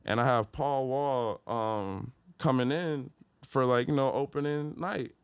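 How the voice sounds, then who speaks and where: A young man from Detroit, a podcast guest telling a story in casual slang and jumping into loud, high-pitched retellings. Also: a little slow, clean tone, no room sound.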